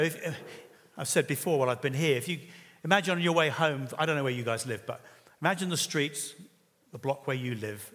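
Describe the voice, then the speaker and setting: Casting: male preacher, mid-pitched, earnest and conversational, recorded in a long-echo hall. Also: a bit bright. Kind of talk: sermon. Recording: reverberant hall.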